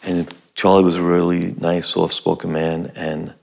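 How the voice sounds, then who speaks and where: A man's voice: low voice, little pitch movement, measured pace, creaky, a little mellow. A middle-aged man, an acting teacher, telling a personal story in a conversational way and acting out his own past lines. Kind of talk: personal anecdote told to camera.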